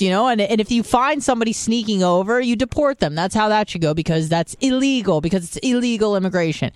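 A woman's voice: mid-range voice, expressive, fast talker, hardly any pauses, dry recording. Heated, profane woman co-host. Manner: heated and profane, then apologetic. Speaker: radio show co-host. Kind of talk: opinionated talk radio chat.

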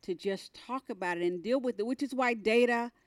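A middle-aged woman, a team executive on a podcast, telling a personal story in a candid, emphatic way, her voice climbing high as she retells moments. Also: brisk, no echo, clean studio sound.

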